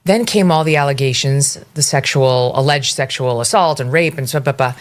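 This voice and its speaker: A woman interviewer with a very low voice speaks earnestly and at length, circling back and restarting her thoughts as she frames a question. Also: moderate pace. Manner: earnest, long-winded, restarts. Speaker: interview host.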